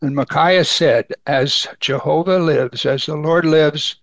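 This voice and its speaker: A man's voice: fairly high pitch, slow, gravelly, hardly any pauses, a bit bright, no room sound. A man preaching a sermon, reading scripture aloud and explaining it in a conversational way.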